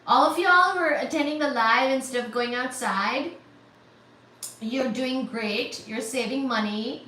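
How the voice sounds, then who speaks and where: A woman hosting a casual livestream chat, gushing and excitable as she thanks viewers by name for donations. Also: high voice. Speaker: livestream host. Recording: echoey room, mic at a distance, faint static.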